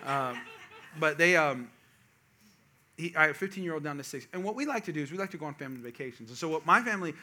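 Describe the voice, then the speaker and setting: A man telling a humorous family story to a live audience, with chatty asides to the crowd. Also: on the high side. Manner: animated, jokey asides to the audience; quick, chatty, self-interrupting. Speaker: speaker addressing a live audience.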